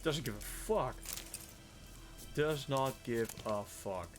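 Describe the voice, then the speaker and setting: This Netherlands-based streamer has a mid-range, animated voice and takes things slowly, with music playing underneath. Talking through his inventory during live gameplay, he mocks himself, jokes around and swears a lot.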